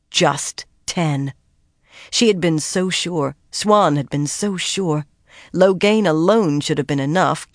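An audiobook narrator giving steady, measured scripted narration of a fantasy story. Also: mid-range voice, dry recording, clean studio sound.

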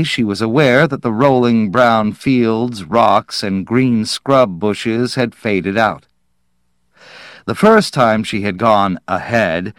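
A man reads a story aloud at an unhurried, deliberate pace, letting each phrase land with measured drama. His voice sits at an ordinary middle pitch and sounds close and dry, with no room around it. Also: dry recording. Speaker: narrator. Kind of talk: audiobook narration.

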